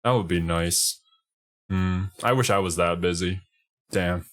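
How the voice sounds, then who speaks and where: A man's voice: low voice, measured pace, a bit bright. A man co-hosting a casual reaction chat, laid-back and wry. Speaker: co-host.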